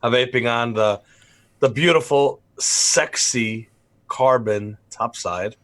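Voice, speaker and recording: A man co-hosting a casual live stream, hoarse from a cold, joking and laid-back. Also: mid-range voice, slow, a bit bright, no echo. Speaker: show co-host.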